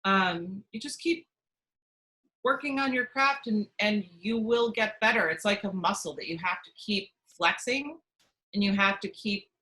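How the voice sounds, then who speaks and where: A woman's voice: mid-range voice, measured pace, sharp tone, rough recording. A woman working as a casting director, answering interview questions in a chatty way with many restarts and fillers. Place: at home.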